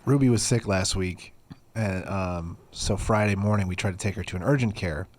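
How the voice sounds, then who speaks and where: A man's voice: deep voice, normal speed, darkish tone. A man on a podcast telling a story in a dry, laid-back way. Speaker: podcast co-host and engineer. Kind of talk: casual chat.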